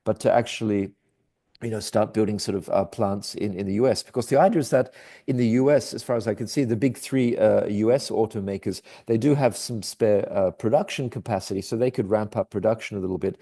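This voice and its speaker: A man with a low, gravelly, mellow voice talks through the day's markets while walking through charts. He speaks hesitantly and restarts his sentences often, with plenty of fillers. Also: a little fast. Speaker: market commentator. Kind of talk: daily market commentary over charts.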